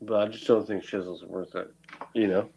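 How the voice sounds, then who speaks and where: A man's voice: on the low side, steady tone, normal speed, gravelly, mellow, husky, low-quality recording. A man on a livestream ranting with dismissive, profane exasperation about someone arguing in bad faith. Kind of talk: frustrated livestream rant.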